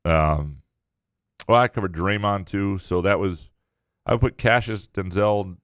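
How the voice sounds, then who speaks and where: A man's voice: low-pitched, measured pace, a bit bright, smooth, no room sound, studio quality. A man in his forties, a sportswriter co-hosting a casual podcast, giving thoughtful sports takes with plenty of fillers and easy laughter.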